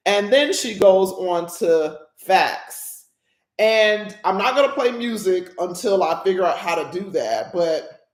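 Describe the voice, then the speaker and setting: A woman's voice: medium pitch, echoey room. A woman hosting a podcast, talking through a personal, reflective monologue in a candid, emotional way that rambles with restarts. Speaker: podcast host.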